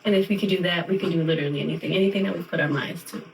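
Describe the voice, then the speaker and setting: A woman's voice: fairly low pitch, racing, gravelly, slight background noise. A woman in her thirties co-hosting a podcast in casual chat, telling stories with lots of laughter. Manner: animated storytelling, often laughing. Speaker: podcast co-host. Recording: roomy and distant from mic.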